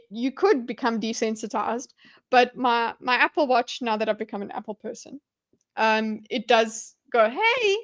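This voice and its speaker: A woman talking through a mind map on a live stream, rambling and restarting her sentences as she chats with viewers. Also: on the high side. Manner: rambling, self-interrupting, chatty with viewers, quick laughs. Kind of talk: thinking aloud while mind-mapping on a live stream.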